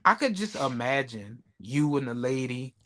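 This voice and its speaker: A man co-hosting a podcast, chatting casually, telling animated stories, swearing freely and acting out the voices of people he quotes. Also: mid-range voice, moderate pace. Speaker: podcast co-host. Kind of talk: casual chat.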